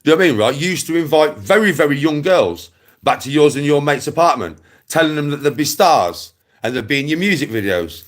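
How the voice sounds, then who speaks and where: A vlogger from England's West Midlands speaks a little quickly in a fairly high, expressive voice. Ranting casually to the camera, he mocks and taunts, repeats his jibes, and keeps bursting into laughter.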